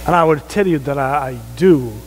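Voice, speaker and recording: A man's voice: fairly high pitch, fairly quick, faint music behind. A middle-aged man with an African accent preaching a sermon as a guest preacher, jovial and often laughing between remarks. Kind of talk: sermon with prayer. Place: large church sanctuary. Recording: long reverb of a church hall.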